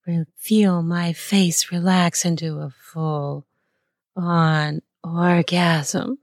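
Slow, breathy woman narrating erotica. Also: fairly low pitch, steady tone, no echo, studio quality. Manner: unhurried, breathy and playful, with soft laughs and gasps. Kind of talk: intimate first-person erotic narration.

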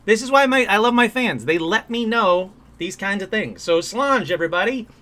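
A man's voice: sits high, a little fast, bright, forceful tone. A man hosting a live paranormal call-in show from a room at home. He chats casually and upbeat, with plenty of ums and uhs. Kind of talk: casual live-stream chat.

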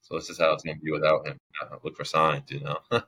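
Brief: young man, extremely low voice, long-winded casual storyteller, guest on a podcast. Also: completely flat delivery, quick pace, sharp tone, breathy edge. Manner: rambling, heavy use of "like", long-winded.

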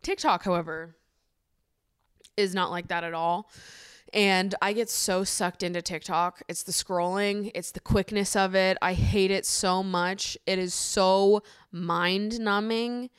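A young woman hosting a casual solo podcast, ranting in an opinionated, profane, animated way with bursts of laughter. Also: mid-range voice, measured pace, clear, resonant tone, dry recording, clean studio sound. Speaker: podcast host.

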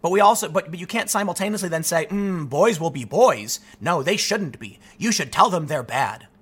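A young adult man from the United States hosting his own channel, ranting in solo commentary, animated and restless, often restarting his sentences. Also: sits high, fairly quick, breathy edge.

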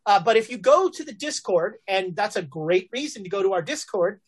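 A woman's voice: medium pitch, expressive, fairly quick, breathy edge. Chatty joking woman game master. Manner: chatty, joking, many fillers. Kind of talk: casual stream announcements.

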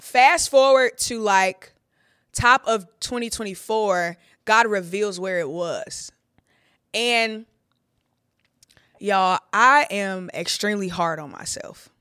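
A woman's voice: medium pitch, takes it slowly, bright, forceful tone, clean tone, no echo, studio quality. A young woman, a preacher, talking through her testimony on a podcast in a candid, heartfelt way, with a lot of "like" fillers. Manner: conversational, heartfelt, with frequent "like" fillers.

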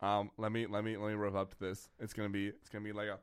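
A man's voice: fairly low pitch, monotone, very fast, smooth, dry recording, clean studio sound. A man chatting casually on a podcast, laughing often and jumping into silly voices. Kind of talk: casual chat.

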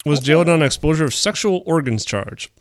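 A man's voice: a little high, expressive, brisk. A man co-hosting a casual comedy podcast, reading out odd news stories with crude jokes. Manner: crude, jokey, reads out news items.

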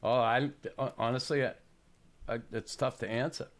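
A man in his sixties, a retired hockey player hosting a chat show, telling stories in a halting, plainspoken way. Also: mid-range voice, steady tone. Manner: halting, restarts, plainspoken storytelling. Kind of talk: casual podcast chat.

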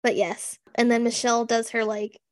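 A woman's voice: fairly high pitch, level tone, normal speed, no echo, clean studio sound. A woman co-hosting a podcast, chatting sarcastically about a TV special with lots of "like" fillers. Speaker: podcast co-host. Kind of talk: casual chat recapping a TV special.

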